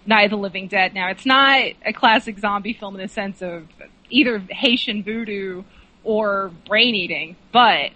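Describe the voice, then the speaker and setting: Bright-voiced enthusiastic woman guest. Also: mid-range voice, normal speed, highs cut off. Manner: enthusiastic, rambling, laughs often. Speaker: guest film buff. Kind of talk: casual chat.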